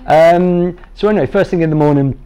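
A man in his thirties shares his patient story with a training group as a guest speaker, staying jovial and self-deprecating and making light of hard things. His voice is on the high side, smooth and dark in tone, and a little fast.

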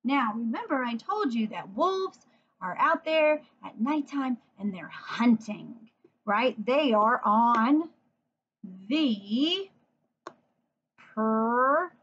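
A woman teacher giving a phonics lesson for young children, sounding words out slowly letter by letter and asking encouraging questions. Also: a little high, lively intonation, a bit bright, husky, highs cut off. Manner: encouraging, asks the listener questions.

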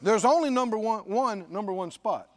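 A male pastor delivers a sermon with a notably high voice that swoops up and down with lively expression. He talks emphatically, repeats phrases for weight and quotes scripture often. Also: normal speed.

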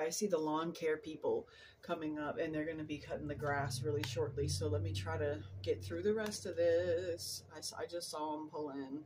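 A woman's voice: low-pitched, darkish tone, slight background noise. A woman giving a casual tarot reading at home in her apartment, earnest and rambling, often restarting her sentences. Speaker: tarot reader.

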